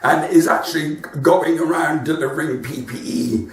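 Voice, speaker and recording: A man's voice: fairly high pitch, normal speed, echoey room, far from the mic. A man with a West Country accent doing chatty stand-up comedy from his front room, laughing at his own jokes. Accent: West Country English. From West Country of England. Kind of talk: live-streamed stand-up comedy chat.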